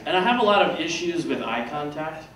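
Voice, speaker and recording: A stand-up comedian in his thirties performs a self-deprecating set on a theater stage, acting out other people's lines. His voice is on the high side, brisk, with lively intonation, recorded from far off in an echoey room with loud noise.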